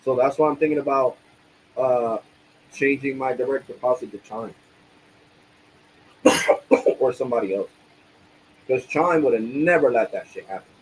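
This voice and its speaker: A man's voice: mid-range voice, moderate pace, pauses often, a little hiss or hum, poor audio. A man ranting angrily on his livestream, swearing often and using casual streetwise slang. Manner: angry, profane ranting.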